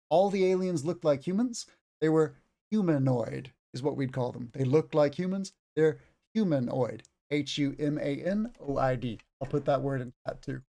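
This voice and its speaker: A man's voice: a little high, a little mellow. A man in his thirties, an English teacher, explaining vocabulary in a chatty way on a livestream, with stories from his own life.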